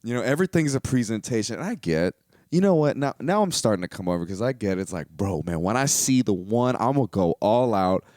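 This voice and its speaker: In a clean studio recording with no room sound, this podcast host delivers a loose, funny monologue packed with swearing and filler. He talks briskly in a fairly low voice and stays animated throughout.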